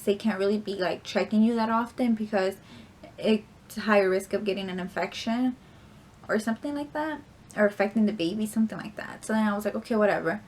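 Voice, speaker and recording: A young woman vlogger telling a story in a casual, rambling way, full of filler words and casual swearing. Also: mid-range voice.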